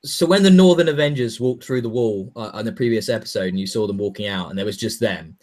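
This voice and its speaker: Animated jokey male podcast host. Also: on the low side. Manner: animated, jokey, quick bursts. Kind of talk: casual chat.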